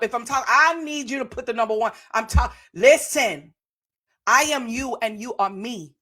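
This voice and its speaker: A woman's voice: fairly high pitch, moderate pace, bright, forceful tone. Fervent woman giving a preacher-like testimony. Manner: fervent, preacher-like, repeats phrases. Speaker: podcast host. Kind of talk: motivational testimony to live viewers.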